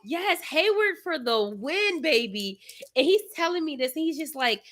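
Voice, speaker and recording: This young vlogger, a mom of little ones, speaks at normal speed in a high-sitting, bright, forceful voice, sounding weary and a touch congested. Telling her livestream viewers a long, casual story, she acts out quotes with lively energy and occasional sudden loud outbursts.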